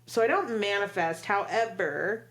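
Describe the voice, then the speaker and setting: A woman's voice: medium pitch, animated, unhurried, a bit bright. A middle-aged woman co-hosting a podcast in casual, bubbly chat, laughing often. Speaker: podcast co-host.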